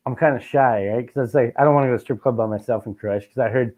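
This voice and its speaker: A podcast host from Canada, a man with a middle-pitched voice, talking loosely and swearing a lot. He acts out his stories and plays both sides of each exchange. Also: very fast. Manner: profane, animated storytelling with mimicked dialogue. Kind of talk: casual chat.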